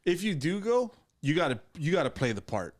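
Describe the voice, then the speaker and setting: A man's voice: on the high side, big pitch swings, a little fast. A man co-hosting a podcast, chatting casually with crude jokes and frequent laughter. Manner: joking, laughs often, crude humor. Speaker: podcast co-host. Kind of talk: casual chat.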